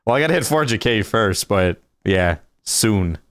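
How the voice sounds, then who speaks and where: Young male streamer, deep and smooth, joking and thanking donors. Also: lively intonation, normal speed, fairly bright tone, no room sound, clean studio sound. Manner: playful, thanks donors, jokey. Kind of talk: casual livestream chat.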